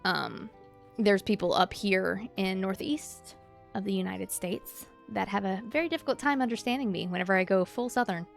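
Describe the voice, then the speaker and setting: A woman's voice: medium pitch, normal speed, creaky, faint music behind. A woman from Louisiana chatting with her stream chat while she plays a game, musing and reading comments aloud.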